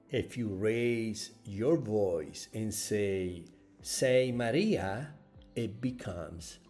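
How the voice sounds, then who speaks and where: Slow, mellow-voiced male language teacher. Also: lowish voice. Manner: careful instructor, lifts his voice on example questions. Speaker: Italian teacher. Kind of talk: recorded language lesson.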